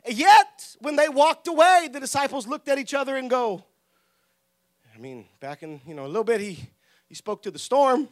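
A man preaching a lively sermon with humor, laughing often, shouting for emphasis and acting out the people in his stories. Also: very high voice, normal speed. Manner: acts out quoted voices.

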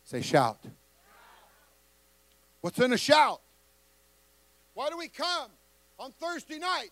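A man preaching a fiery sermon who calls on the congregation to answer back and builds his lines up into shouts. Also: very high voice, huge pitch swings, slow pace, long pauses, no room sound.

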